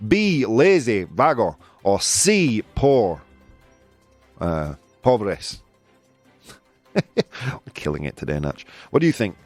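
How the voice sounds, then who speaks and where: Lively, playful male quiz host. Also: mid-range voice, no echo. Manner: lively, playful, often laughing, chatting with viewers. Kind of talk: live-streamed news quiz chat.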